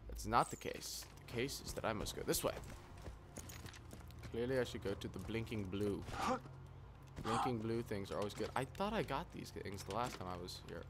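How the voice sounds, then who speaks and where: A man's voice: fairly low pitch, expressive, normal speed. A man giving casual, rambling let's play commentary with sarcastic, self-mocking jokes. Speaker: gameplay commentator. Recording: noisy game audio behind.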